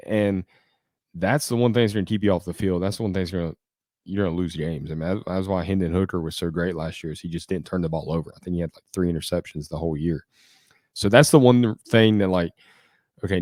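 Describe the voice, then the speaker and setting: A man's voice: sits low, darkish tone, dry recording, studio quality. A man co-hosting a sports podcast, making his case confidently in casual talk. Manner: confident, argues point by point. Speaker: podcast co-host.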